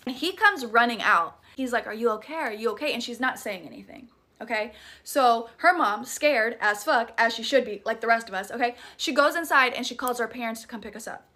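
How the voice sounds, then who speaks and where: A woman's voice: a little high, lively intonation, normal speed, sharp tone. A woman with a Southern US accent telling a spooky personal story in a chatty, profane, dramatic way. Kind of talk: casual storytime vlog.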